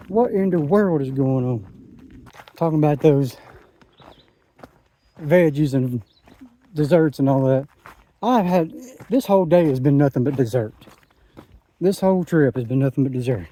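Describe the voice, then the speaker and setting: A man's voice: mid-range voice, expressive, moderate pace, pauses often, dark tone. A man, talking in a rambling, enthusiastic way into his phone while out hiking a mountain trail. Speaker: hiking vlogger. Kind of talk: casual trail vlog. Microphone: phone camera.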